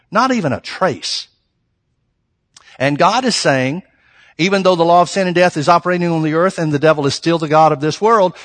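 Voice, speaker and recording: A man preaching a sermon, reading scripture slowly and pressing his points with rhetorical questions to the congregation. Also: sits high, a bit bright, long reverb tail. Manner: reads scripture slowly and deliberately.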